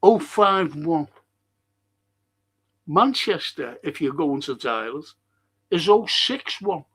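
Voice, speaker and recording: A man's voice: fairly high pitch, very animated, takes it slowly, a bit bright, slightly rough. A man hosting a rambling solo monologue, blunt, swearing and often restarting his sentences. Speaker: host.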